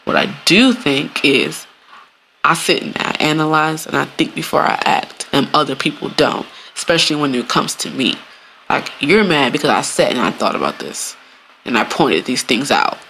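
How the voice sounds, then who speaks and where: A woman's voice: deep voice, expressive, normal speed, creaky, fairly bright tone, slight background noise. A woman, hosting a casual solo podcast, talking bluntly and profanely, laughing often and acting out quoted voices. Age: 30s. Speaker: podcast host.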